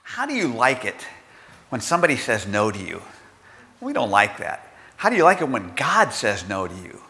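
Older male pastor, chatty sermon delivery with rhetorical questions; bright tone, church reverb. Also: lowish voice, wildly swooping pitch, moderate pace. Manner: conversational preaching with rhetorical questions and acted-out quotes.

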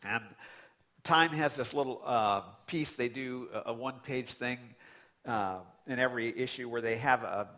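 A man preaching a sermon as pastor, animated and conversational, with sudden loud outbursts. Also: mid-range voice, moderate pace.

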